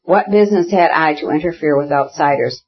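A reader voicing Kitty, a proud young woman who speaks in impassioned, insistent bursts, with a husky voice. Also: medium pitch, a little fast, dull audio, lightly acted. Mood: furious. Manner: impassioned, insistent, repeating herself. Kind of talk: audiobook character reading.

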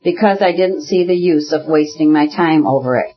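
A husky-voiced reader voicing a gloomy, sluggish man who answers curtly, in an audiobook. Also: mid-range voice, moderate pace, muffled recording, lightly acted. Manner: curt, gloomy.

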